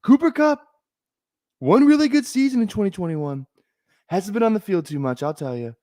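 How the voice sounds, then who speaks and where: A man's voice: sits high, expressive, moderate pace, darkish tone, no room sound, studio quality, voice pushed up. A man doing a comic, campy impression of a boastful older male politician during a live stream. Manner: bragging, exaggerated, campy.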